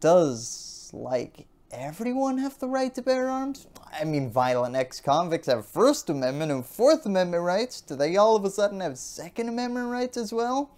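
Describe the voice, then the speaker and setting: Lively, wry woman narrating an explainer. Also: fairly low pitch, normal speed, hardly any pauses. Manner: sarcastic, wry asides. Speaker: host.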